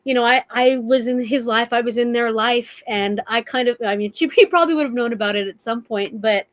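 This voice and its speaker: Earnest young woman, a bit high. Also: fairly quick, dry recording. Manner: earnest, emotional, gushing. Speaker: podcast guest. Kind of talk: casual conversation.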